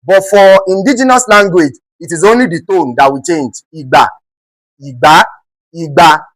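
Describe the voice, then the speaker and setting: A man's voice: high-pitched, animated, normal speed, no room sound, low-quality recording. A man with a Nigerian accent teaching an exam-prep English lesson, often checking in with rhetorical questions and repeating words for emphasis.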